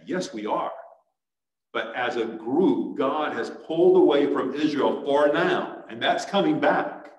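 A man preaches a sermon, earnest and pressing his listeners to respond. His voice sits at an ordinary middle pitch. The sound carries the ring of a large sanctuary, picked up from some distance. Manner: earnest, rising to urgent exhortation. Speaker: pastor. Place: church sanctuary. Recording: echoey church sanctuary, mic at a distance.

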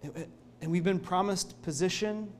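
A male pastor preaching a sermon in a church, telling the story in an earnest, expressive way. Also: sits high, moderate pace, slight background noise.

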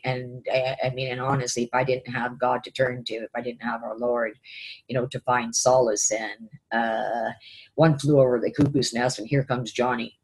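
A woman's voice: extremely low pitch, fairly even intonation, normal speed, slightly rough, rough recording. A woman telling a personal spiritual vision to camera, hesitant and full of fillers and repeated phrases. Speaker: vlogger recounting a spiritual vision. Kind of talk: personal testimony storytelling.

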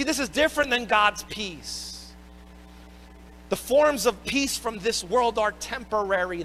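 A man's voice: high voice, sharp tone, a little hiss or hum, rough recording. A man preaching a sermon as pastor, emphatic and repeating his words as he drives home each point.

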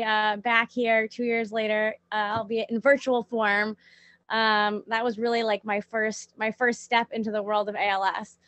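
A woman presenting on a video call, eager and a little halting, with fillers and restarts. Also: on the high side, fairly bright tone, no room sound. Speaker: team member presenting. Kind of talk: virtual conference talk.

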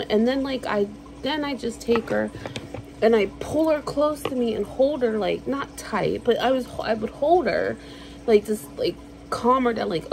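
Young woman venting to her vlog cam, lots of "like" and swearing, kinda raspy. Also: on the high side, moderate pace, low-quality recording. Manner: ranting, swears freely, lots of fillers. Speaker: vlogger. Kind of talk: casual vlog storytelling.

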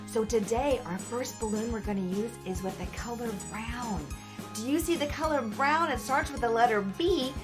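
A woman hosting a children's show, talking excitedly to small children with lots of gasps and a sing-song delivery. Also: fairly high pitch, normal speed. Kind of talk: children's program presenting. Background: background music.

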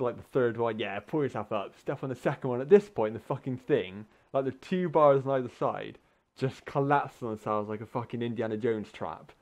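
A man hosting a gaming channel, telling a story in a casual, sweary, rambling way, full of filler words and quick acted-out voices. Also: medium pitch. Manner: animated, acts out voices in the story. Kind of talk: casual storytelling over gameplay.

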